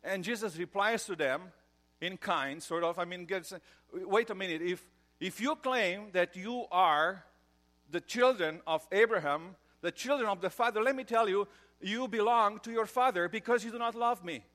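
A man's voice: high-pitched, moderate pace, fairly bright tone. Man preaching a conversational sermon. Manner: conversational, with fillers and joke telling. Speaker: pastor.

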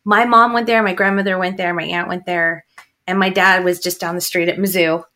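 A woman hosting a podcast interview, effusive and full of praise as she asks quick questions. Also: on the low side, steady tone, bright, forceful tone. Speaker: podcast host. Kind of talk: casual interview chat.

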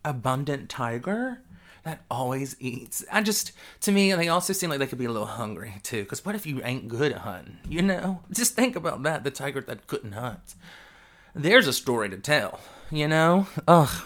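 Giggly host rambling on their own show, voice swoops up and down a lot, kinda high and loose. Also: sing-song, moderate pace, fairly bright tone. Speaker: podcast host. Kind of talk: rambling solo podcast monologue.

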